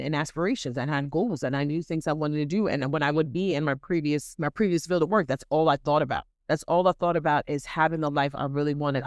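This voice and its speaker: A woman hosting a podcast who gives an animated, dramatic motivational faith talk and repeats points for emphasis. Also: low voice, dry recording, clean studio sound. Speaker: podcast host.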